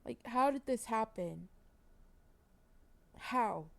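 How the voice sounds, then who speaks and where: A woman's voice: fairly high pitch, lively intonation, takes it slowly, creaky, voice pushed up, exaggerated voice. A woman voicing a frantic mother who demands answers and cannot believe the news, in a gameplay story. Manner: insistent, disbelieving.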